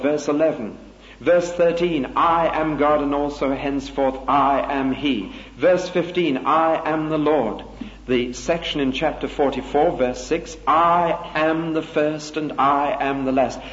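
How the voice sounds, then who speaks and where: An older man preaching an expository Bible sermon, deliberate and emphatic, slowing down to stress key phrases. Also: fairly high pitch. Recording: dull lo-fi recording in a reverberant hall.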